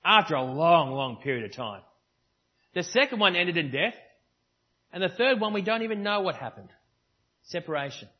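A man's voice: high voice, animated, moderate pace, long pauses, husky, lo-fi sound. A man preaching a sermon at a church service, in a conversational style with varied emphasis. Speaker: pastor.

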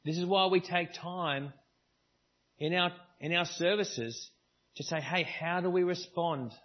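A man's voice: high-pitched, measured pace, lo-fi sound. A man preaching a sermon at a church service, in a conversational style with varied emphasis. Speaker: pastor.

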